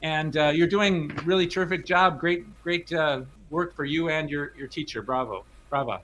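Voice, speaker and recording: A man judging a music competition, giving animated spoken feedback to a young player. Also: on the high side, moderate pace, slight background noise. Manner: animated, sings phrases aloud to illustrate. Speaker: competition judge.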